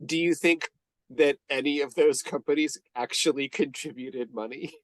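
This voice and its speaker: A man's voice: a little high, moderate pace, no room sound. A man co-hosting a podcast, chatting casually about a movie, rambling with restarts and frequent laughs. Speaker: podcast co-host.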